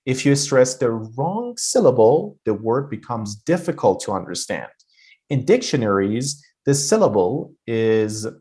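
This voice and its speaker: A man teaches an online pronunciation lesson with a lively, animated voice. He explains each point and says example words over again. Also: medium pitch.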